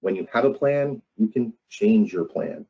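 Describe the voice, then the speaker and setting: A man presenting a webinar on crisis communication, measured and emphatic, often pausing with "um". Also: lowish voice, expressive, gravelly, mellow, slightly rough, highs cut off. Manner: measured, frequent "um" fillers, emphatic repetition.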